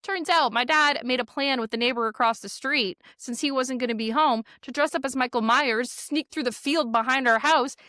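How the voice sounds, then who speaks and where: Bright-voiced woman telling a story. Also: sits high, normal speed, hardly any pauses, no echo, clean studio sound. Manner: animated, lots of "like" fillers. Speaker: podcast guest. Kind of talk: casual storytelling.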